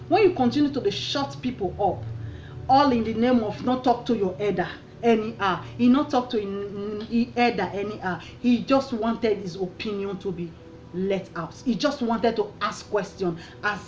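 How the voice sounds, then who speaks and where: Nigerian woman vlogger, heated and preachy, lively high voice, faint hiss behind a muffled recording. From Edo State, Nigeria. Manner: passionate, preachy, repeating questions. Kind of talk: opinion rant.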